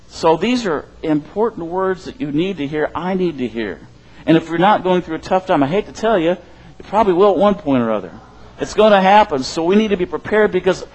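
A middle-aged male pastor delivers a sermon in an earnest voice that sits slightly high. He presses urgent, repeated questions, then softens and sinks low when he quotes scripture. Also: rough recording.

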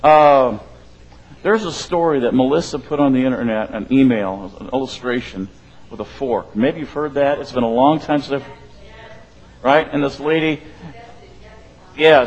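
A man's voice: medium pitch, moderate pace, muffled recording. A male pastor delivering a sermon in a conversational, rambling way, often checking in with "right?".

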